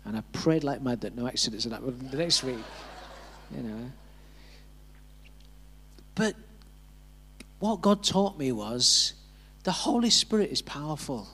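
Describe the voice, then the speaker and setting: A man's voice: mid-range voice, expressive, measured pace, pauses often, bright, forceful tone, husky. A man preaching a sermon, telling a personal story, acting out the voices he quotes and chuckling along.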